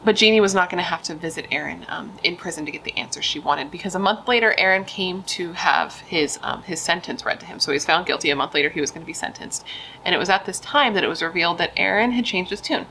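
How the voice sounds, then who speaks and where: Chatty young woman with a bright voice. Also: fairly low pitch, fast, slight background noise, poor audio. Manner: chatty, emphatic, swears, says dude and like. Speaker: true crime host. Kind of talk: casual true crime storytelling.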